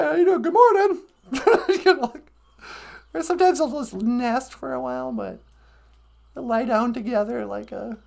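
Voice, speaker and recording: A woman hosts a live-stream podcast in a loose, rambling chat full of playful asides. Her high voice has a creaky edge. She talks slowly, with lively rises and falls. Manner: chatty and meandering, playful asides.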